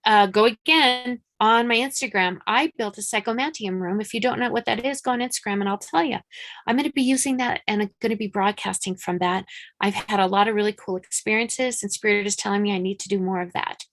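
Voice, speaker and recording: A woman's voice: medium pitch, fairly quick, a bit bright. A woman psychic medium doing a live-streamed reading, talking frankly and chattily, swearing casually, and repeating points with urgent emphasis.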